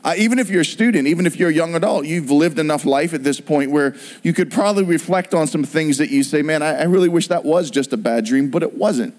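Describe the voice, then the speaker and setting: A middle-aged man preaching a sermon, telling a personal story with animated storytelling and acted-out voices. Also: on the high side, quick pace, few pauses. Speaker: pastor.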